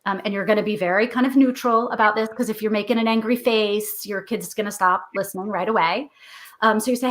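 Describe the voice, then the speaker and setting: A woman's voice: mid-range voice, steady tone, quick pace, fairly bright tone. A middle-aged woman, a guest author, explaining parenting advice in a chatty interview, acting out what parents and kids say. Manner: chatty and explanatory, acts out parent and kid lines.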